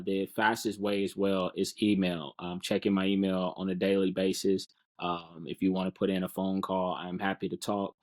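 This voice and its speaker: Earnest, encouraging low-voiced man. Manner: earnest, encouraging, repeats words while searching for them. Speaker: guest speaker. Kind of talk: casual podcast interview.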